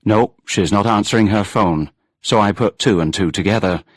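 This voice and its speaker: A man's voice: lowish voice, normal speed, no echo, natural voice. A man reading a storybook and voicing a cheerful, teasing male police officer on the phone. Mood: brisk. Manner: teasing, dryly amused.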